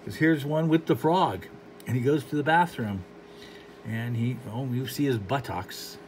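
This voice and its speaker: A man talks through a comic book in a loose, rambling way, sounding dry and unimpressed. His voice sits at an ordinary middle pitch. A faint hiss of background noise runs under the recording. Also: a little slow. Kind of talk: casual commentary.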